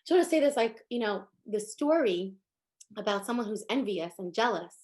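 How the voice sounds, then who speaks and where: A woman giving a casual Torah class, animated, acting out the people in her stories and rising in pitch and force to stress her points. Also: a little fast. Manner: acts out the people in her stories with quoted speech. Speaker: Torah teacher.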